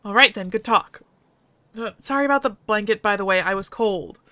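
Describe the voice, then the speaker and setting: A woman voicing a confused, sarcastic young human man with no memory, flustered and quick to snap. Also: mid-range voice, sharp tone, no room sound, close to an everyday voice.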